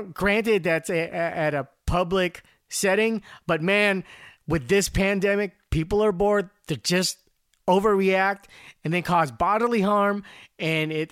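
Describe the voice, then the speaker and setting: A man's voice: sits high, fairly bright tone, no echo, clean studio sound. A man hosting a podcast, talking through commentary in a casual, rambling way, often repeating words as he starts. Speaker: podcast host.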